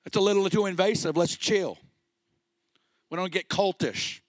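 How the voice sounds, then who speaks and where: A middle-aged man preaching a sermon with passion, sometimes rising to a shout. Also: high-pitched, expressive, normal speed, dry recording. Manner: impassioned, rising to shouts at peaks.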